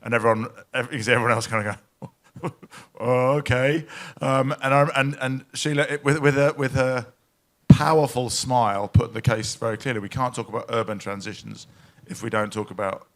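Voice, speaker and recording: A man's voice: medium pitch, steady tone, fairly quick, fairly bright tone. Emotional man speaking at a live event. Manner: emotional, anecdotal, full of restarts. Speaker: panel speaker at a climate event. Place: event pavilion hall.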